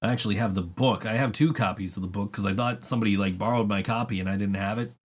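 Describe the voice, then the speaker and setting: A man's voice: fairly low pitch, steady tone, fast, husky. A man hosting a podcast, chatting casually and rambling through stories with frequent swearing and laughs. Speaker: podcast host. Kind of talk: casual chat.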